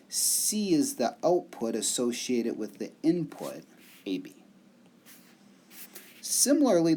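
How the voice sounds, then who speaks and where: A man giving a recorded math lecture, explaining step by step with phrase endings that trail off softly. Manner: slow, explanatory, animated pitch with soft trailing ends.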